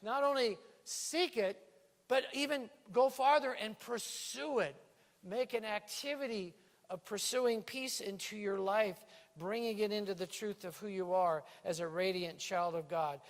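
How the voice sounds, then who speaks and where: High-voiced preaching man, lively. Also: unhurried. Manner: lively preaching with playful put-on island lilt. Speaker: pastor. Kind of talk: sermon. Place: church sanctuary. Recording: reverberant church hall.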